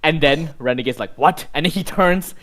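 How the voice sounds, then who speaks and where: A man's voice: fairly high pitch, fairly quick, a bit bright. A man running a tabletop game as game master, narrating loosely with lots of fillers.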